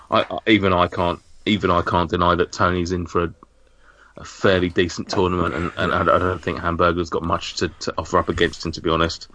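A man's voice: deep voice, little pitch movement, brisk, bright, forceful tone, slight background noise. A man hosting a podcast in casual, rambling banter, swearing and restarting his sentences. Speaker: podcast host.

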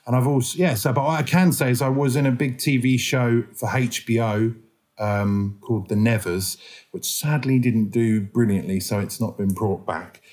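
An actor from England chatting casually as a guest. His voice sits at an average pitch, and his speech meanders with lots of restarts. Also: normal speed, darkish tone. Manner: rambling, many fillers and restarts. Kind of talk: casual interview chat.

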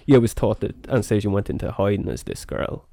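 Gravelly low-voiced male podcast host. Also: very animated, fast, warm tone, no room sound, studio quality. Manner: chatty, many fillers, laughs often. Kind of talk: casual chat.

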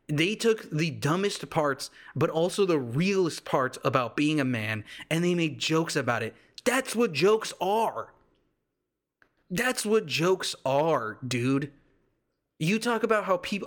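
A man's voice: fairly high pitch, a bit bright. A man voicing a laid-back young male surfer from California with a California surfer accent, drawling and calling everyone dude and bro. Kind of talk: comic impression on a podcast.

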